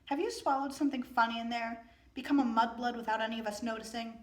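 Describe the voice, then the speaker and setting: A woman's voice: a little high, steady tone, fast, natural voice. A young woman reading the lines of a prim, cruel female official in a cold, scolding tone. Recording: echoey room.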